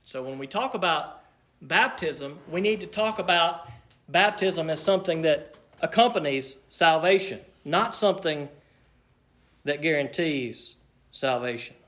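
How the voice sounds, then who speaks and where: A man preaching from the pulpit in a high, bright voice. He drives his points home emphatically, slowing into deliberate pauses for weight. The delivery is a pastor's sermon.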